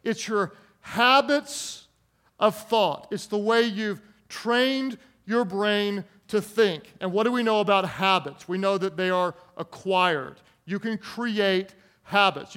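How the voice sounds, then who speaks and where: A male pastor preaches with a fairly high voice. He is playful, drops in jokes and asks the congregation to repeat words back to him, and he stretches out key words for emphasis. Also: a bit bright. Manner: joking, calls for congregation responses; slows to stress key words. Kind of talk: sermon.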